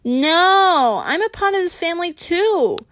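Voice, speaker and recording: A woman doing a loud, brash party girl. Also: sing-song, takes it slowly, exaggerated voice. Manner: loud, high, swaggering.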